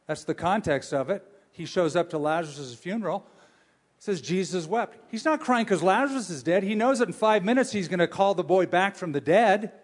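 Sex: man. Role: pastor. Style: sermon. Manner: animated, joking, asks the crowd questions. Pitch: fairly high for a man. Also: a little fast. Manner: animated, humorous storytelling with audience questions.

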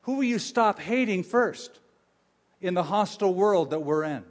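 A male pastor preaching a sermon, with animated, humorous storytelling and questions for his audience. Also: high voice, moderate pace.

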